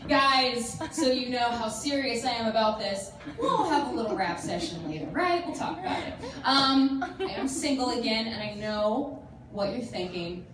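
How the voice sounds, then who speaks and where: Woman doing stand-up, high and giggly, flirty, sounds far off in a boomy noisy room. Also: animated, normal speed, a crowd in the background. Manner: flirty, giggly, self-mocking. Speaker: stand-up comedian. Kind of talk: stand-up set. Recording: very echoey, distant, noisy room.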